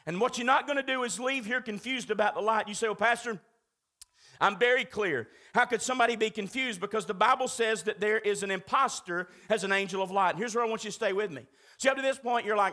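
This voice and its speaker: A man's voice: sits high, brisk, sharp tone. A man preaching an emphatic sermon in a church, urgently repeating his points and calling out to the congregation. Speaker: pastor.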